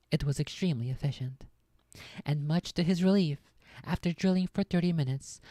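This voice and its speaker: A woman's voice: sits low, warm tone, no room sound. A woman streamer reading a science fiction novel aloud, breaking off now and then for chatty, laughing asides.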